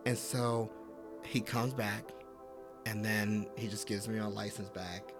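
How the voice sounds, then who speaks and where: Animated male podcast guest telling stories. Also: lowish voice, slow pace, music in the background. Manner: animated, acts out quoted dialogue with fillers. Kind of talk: casual conversational storytelling.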